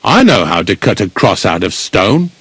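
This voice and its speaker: An actor playing a blunt, grumbling village gravedigger in a video game, speaking. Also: male voice, lowish voice, big pitch swings, moderate pace, fairly bright tone, husky, dry recording, full character voice. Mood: gruff.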